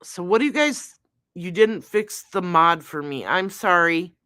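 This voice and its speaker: A woman's voice: lowish voice, lively intonation, measured pace, bright, forceful tone. A woman hosting a live-stream recap of a trial, chatting unhurriedly with her viewers. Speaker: true crime livestream host.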